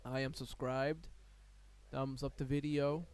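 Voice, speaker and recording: A man's voice: mid-range voice, flat delivery, slow pace, smooth. A man hosting a live stream, chatting in a loose, joking, blunt way. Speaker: livestream host. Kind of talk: casual live-stream chat.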